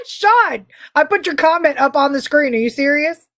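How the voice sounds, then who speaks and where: A bubbly woman co-hosts a casual livestream podcast, talking in a high, bright register. She rambles cheerfully between topics and breaks into laughter often, speaking into a desk mic. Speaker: podcast co-host.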